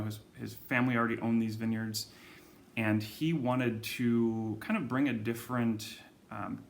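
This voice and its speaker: A wine shop host talks casually to camera in a video presenting the monthly wine club picks. His voice is fairly low and gravelly, and he chats with lots of ums and self-corrections. There's a little hiss or hum on the audio.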